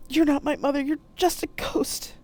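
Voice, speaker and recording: A woman reading aloud, voicing a frightened young woman who shouts and pleads in panic. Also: high voice, very animated, normal speed, vocal fry, pitched above the performer's own voice, full character voice. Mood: panicked.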